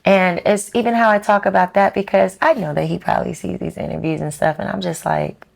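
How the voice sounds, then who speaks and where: A woman's voice: lowish voice, steady tone, brisk, vocal fry. A woman talking candidly as an interview guest, telling stories with animation and acting out her own past words. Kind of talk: candid casual chat.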